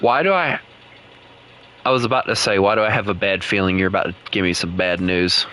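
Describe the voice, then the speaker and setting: A man's voice: low voice, brisk, sharp tone. A young man, chatting casually while streaming a game and rambling through his thoughts with many restarts. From United States. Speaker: gaming streamer. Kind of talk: casual gaming chat.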